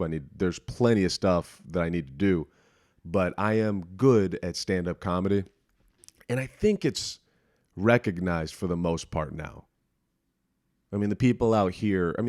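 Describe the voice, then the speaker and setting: Young guy w a deep low voice just rambling on his podcast, cussing, restarting lines, dead dry room. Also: a little mellow, no echo. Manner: rambling, self-deprecating, swears freely, restarts a lot. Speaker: podcast host. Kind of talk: casual solo podcast monologue. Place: small apartment room.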